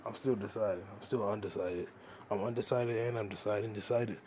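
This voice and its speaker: A man's voice: lowish voice, fairly even intonation, fairly quick, darkish tone, slight background noise. A young man hosting a podcast alone, rambling in a crude, profane, joking stream of consciousness. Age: young adult. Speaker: podcast host. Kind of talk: casual solo rambling.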